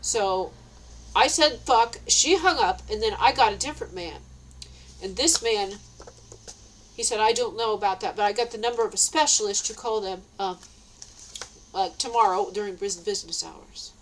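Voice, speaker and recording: A woman's voice: mid-range voice, moderate pace, long pauses, a bit bright, a little hiss or hum, rough recording. A middle-aged woman ranting to camera, agitated and swearing, rambling with many restarts. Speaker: vlogger.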